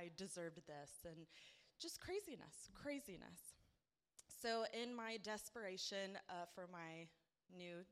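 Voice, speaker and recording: A woman giving a heartfelt personal testimony at church, speaking earnestly and building to emphatic praise. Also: mid-range voice.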